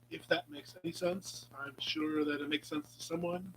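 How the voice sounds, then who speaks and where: A man's voice: fairly high pitch, fairly even intonation, moderate pace, hardly any pauses, fairly bright tone, slight background noise, low-quality recording. A man hosting a casual live chat with viewers, meandering and playful, with many ums and restarts, sometimes dropping to a whisper. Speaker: live stream host.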